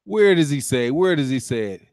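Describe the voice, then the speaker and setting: Sarcastic, lively male boxing commentator. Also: medium pitch, normal speed, no echo, clean studio sound. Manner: mocking, sarcastic, laughing often. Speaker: boxing commentary channel host. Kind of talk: casual reaction commentary.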